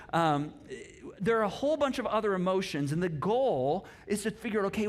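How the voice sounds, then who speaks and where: High-voiced man preaching a sermon. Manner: conversational, acts out example inner thoughts. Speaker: pastor.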